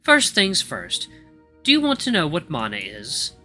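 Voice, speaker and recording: A man voicing a young male wolf grandmaster who lectures in a calm, monotone way. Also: fairly high pitch, measured pace, faint music behind, voice pushed up, exaggerated voice. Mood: lecturing.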